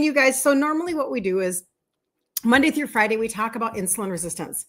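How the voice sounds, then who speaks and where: A Minnesota woman in her fifties, working as a health coach, hosts a casual livestream from an indoor room with balloons behind her. Her slightly high voice is expressive and fast. She's chatty, repeats words, and greets viewers by name.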